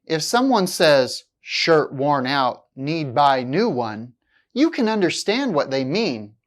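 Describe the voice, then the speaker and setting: A woman teaching English, reading a scripted lesson slowly and deliberately, with exaggerated stress on key words. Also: sits low.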